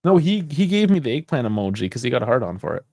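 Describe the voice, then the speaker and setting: A man's voice: medium pitch, very animated, quick pace, darkish tone, no echo, clean studio sound. Teasing man bantering on a podcast. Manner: teasing, crude banter, laughs often. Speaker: podcast host. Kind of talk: casual chat.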